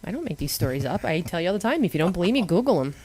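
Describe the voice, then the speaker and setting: A woman's voice: lowish voice, big pitch swings, rapid-fire, darkish tone. A woman with a Boston accent, co-hosting a casual talk show, reading odd news stories with sarcastic asides. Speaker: radio show co-host.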